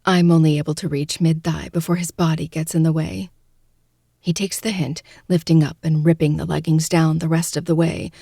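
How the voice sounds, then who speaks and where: A woman narrating a first-person audiobook, with a hushed, tearful delivery in tense moments. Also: sits low, flat delivery, normal speed, gravelly, husky, no room sound, studio quality.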